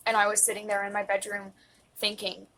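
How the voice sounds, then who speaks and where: A woman's voice: mid-range voice, completely flat delivery, brisk, bright, forceful tone, low-quality recording. A woman in her twenties speaking earnestly into a phone in a personal confessional vlog, emotional and close to tears, at times dropping to a whisper. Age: 20s. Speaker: vlogger.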